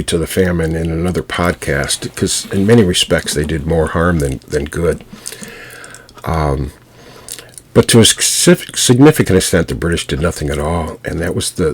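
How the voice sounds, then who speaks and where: A man hosting his own podcast, talking through a history lesson at an unhurried pace with frequent pauses and restarts. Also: sits low, husky. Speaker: storyteller and podcast host. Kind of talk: solo podcast history talk. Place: home.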